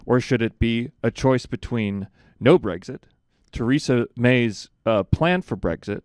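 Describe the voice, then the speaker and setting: A man moderating a mock Q and A, calm and unhurried with frequent fillers. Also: medium pitch, dry recording. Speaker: event moderator. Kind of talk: hosting a mock Q and A.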